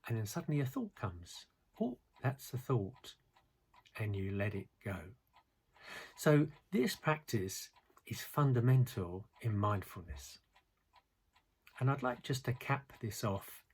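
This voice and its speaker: Male mindfulness teacher, low husky voice, calm and measured delivery. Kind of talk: guided mindfulness lesson.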